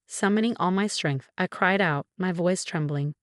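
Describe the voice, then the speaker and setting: A woman with a lower voice telling a dramatic first-person story with emotional emphasis. The sound is close and dry, like a studio voice-over. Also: normal speed, no echo. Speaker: story narrator.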